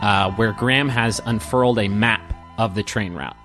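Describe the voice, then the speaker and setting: A man's voice: lowish voice, normal speed, soft background music. A man hosting a podcast, reading listener messages and ads with self-mocking asides, then narrating a tabletop game as game master. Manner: relaxed, self-mocking aside-heavy delivery.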